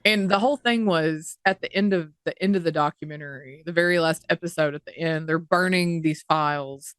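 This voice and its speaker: A woman's voice: deep voice, brisk, fairly bright tone, clear, resonant tone, dry recording, studio quality. A woman co-hosting a podcast in casual chat, talking indignantly at length and swearing freely. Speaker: podcast co-host.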